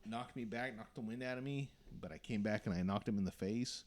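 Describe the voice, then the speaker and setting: A young man chats on a podcast in a lowish voice. He tells his stories casually, with an animated delivery and plenty of swearing. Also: brisk. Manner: swears a lot, animated storytelling. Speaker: podcast host.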